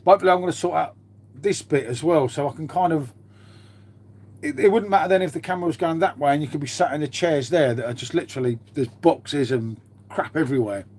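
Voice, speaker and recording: A man's voice: a little high, fast, a little mellow, breathy edge. A man chatting casually on a live stream from a half-converted garage at home, rambling, swearing now and then and calling everyone mate. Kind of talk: casual live-stream chat reading viewer comments.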